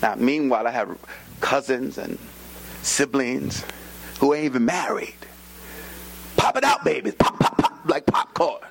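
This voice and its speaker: A man, preaching a sermon and telling a personal story, acting out voices with sudden high jumps and dropping into whispers. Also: unhurried, creaky, long pauses, slight background noise, rough recording. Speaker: pastor. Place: church.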